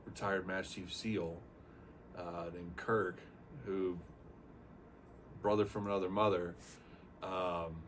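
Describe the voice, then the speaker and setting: Low-voiced older man telling his story. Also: slow, long pauses. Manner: rambling, animated retelling with acted-out quotes. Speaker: retired Navy aircrewman giving a testimonial. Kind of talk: casual storytelling testimonial. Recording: distant mic with faint room noise.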